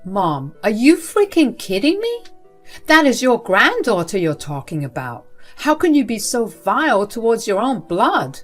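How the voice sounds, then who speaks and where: A woman voicing a furious middle-aged father, confronting his mother in an outraged, shouting way. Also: lowish voice, lively intonation, unhurried, soft background music.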